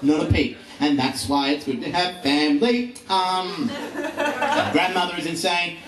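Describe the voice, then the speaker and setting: Live at a comedy venue, a man in his twenties does profane, rambling stand-up packed with ums and uhs. His voice is high, animated, fairly bright, and a little slow. The mic is distant in an echoey room, with the crowd audible.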